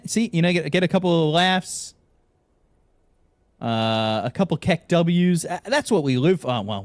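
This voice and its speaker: A man co-casting an esports stream, chatting casually and telling long jokes with acted-out voices. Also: no room sound. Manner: animated, acts out joke characters with pitch jumps. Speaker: esports co-caster.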